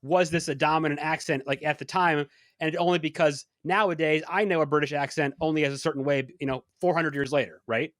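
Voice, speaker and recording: A man co-hosting a podcast, casually discussing a film with halting restarts and enthusiastic asides. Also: a little high, steady tone, fairly bright tone, no room sound, clean studio sound. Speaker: podcast co-host.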